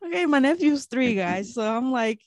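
A woman's voice: sits high, expressive, normal speed, a little mellow, no room sound. A young woman co-hosting a podcast, chatting casually in a slangy, laughing, storytelling way. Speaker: podcast co-host. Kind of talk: casual chat.

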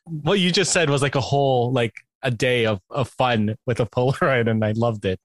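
A co-host in a casual chat, bubbly and enthusiastic, with quick laughs. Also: mid-range voice, noisy background. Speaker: podcast co-host.

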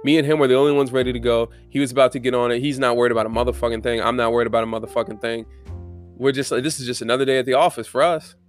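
A young man giving a casual, blunt, profane motivational monologue with fervent conviction. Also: medium pitch.

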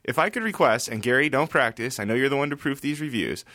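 A man reading a listener review aloud on a podcast, with a wry edge to his delivery. His pitch swings around a lot as he reads. The recording is dry and close. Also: lively intonation, quick pace, bright, forceful tone, dry recording. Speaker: podcast regular.

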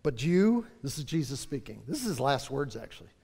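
A man's voice: medium pitch, sing-song, fairly quick, creaky, darkish tone, breathy edge. A man preaching a fervent sermon as pastor, stretching out key phrases for emphasis. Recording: long reverb of a large hall.

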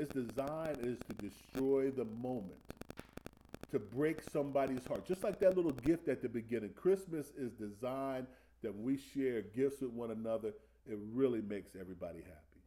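A man with a medium-pitched, dark voice preaches a Sunday school sermon conversationally. He asks the room questions and slows down to stress passages of scripture.

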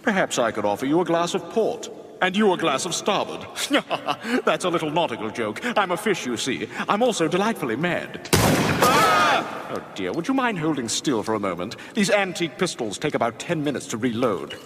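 Mad gentleman fish villain, cartoon, swooping high voice, reverberant clip with noise. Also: big pitch swings, normal speed. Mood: mock polite. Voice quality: genteel, theatrical.

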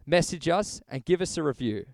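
A man co-hosting a podcast in casual, joking chat, animated and loose with swearing. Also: on the high side, moderate pace, vocal fry, no room sound. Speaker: podcast co-host.

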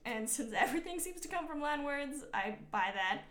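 Bright-voiced joking woman podcaster. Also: high voice, expressive, fairly quick. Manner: jokey, acts out historical figures in silly voices. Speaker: podcast co-host. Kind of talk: casual comedic history chat. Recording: echoey room.

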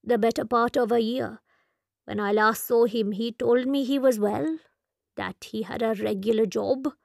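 A woman voicing a quiet, resolute nun. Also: on the high side, fairly even intonation, unhurried, gravelly, no room sound, clean studio sound. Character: Catholic nun, grieving and resolute. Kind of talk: audiobook character voice.

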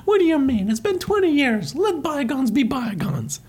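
A man doing a smug grown-up plumber with a shrill, bouncy, falsely sweet voice. His cheer swings widely up and down and never sounds sorry. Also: sing-song, normal speed, darkish tone. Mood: falsely cheerful. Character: smug, cheerfully cruel adult male plumber.

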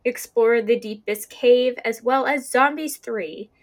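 A young woman hosts a casual podcast, her voice a little high and unhurried. She's chatty and uses lots of fillers while running through a list of upcoming releases.

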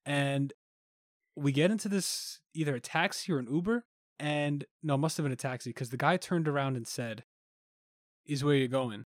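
A man of Caribbean background co-hosting a podcast, telling stories in an animated way and acting out what people said. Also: on the high side, moderate pace, no echo, clean studio sound. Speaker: podcast co-host. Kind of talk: casual podcast storytelling.

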